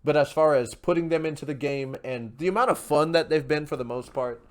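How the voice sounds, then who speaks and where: With a slightly high, brisk voice, this casual podcast host pulls questions from the live chat to read aloud. He goes along easily with whatever his guest says.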